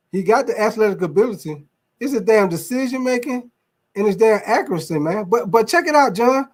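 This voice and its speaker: A man hosting a casual sports talk stream, rambling loosely and swearing while he talks to his viewers. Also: sits high. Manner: loose, rambling, profane, addresses viewers as y'all. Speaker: sports show host. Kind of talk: casual live sports talk, reacting to chat.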